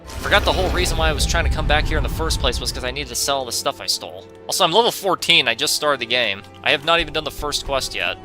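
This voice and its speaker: Over music, a man with a highish voice and lively intonation hosts a gaming video, talking quickly as he plays. His casual let's-play commentary rambles along, wry and full of jokey asides.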